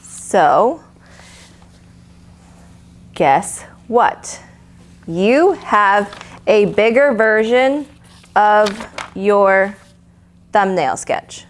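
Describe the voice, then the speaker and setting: A woman's voice: medium pitch, lively intonation, extremely slow, long pauses. Woman teaching lettering, casual and encouraging. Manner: casual, encouraging, with filler and restarts. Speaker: art instructor. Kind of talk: live lettering tutorial.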